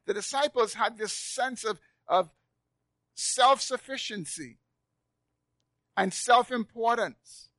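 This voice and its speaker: A high-pitched man preaches a sermon to his congregation, dropping to near-whispers and then rising loud again. He repeats phrases for emphasis. The recording is close and dry. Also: takes it slowly, pauses often, dry recording. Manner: preaching with strong swings in loudness, repeating words for emphasis. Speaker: pastor. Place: church sanctuary, live congregation.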